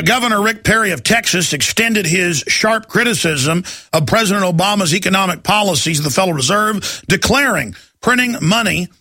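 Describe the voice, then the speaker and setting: A man hosts a talk radio show in a high, sharp voice, ranting and mocking with biting sarcasm. The sound is dry and close. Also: gravelly, no echo. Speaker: radio host.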